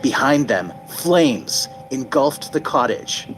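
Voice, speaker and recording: A man narrating a true-crime documentary in a measured, dramatic scripted delivery. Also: medium pitch, animated, over music, low-quality recording.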